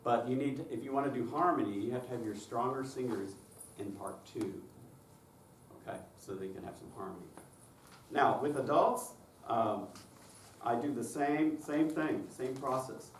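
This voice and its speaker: A man leads a choir workshop, walking the audience through his methods and pausing often to ask "okay?". His voice is heard from some way off the mic in a roomy lecture space, with a faint hiss of background noise underneath. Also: mid-range voice, distant mic. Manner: explanatory, checks in with "okay?". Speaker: choir director presenting a workshop. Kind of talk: conference lecture with demonstrations.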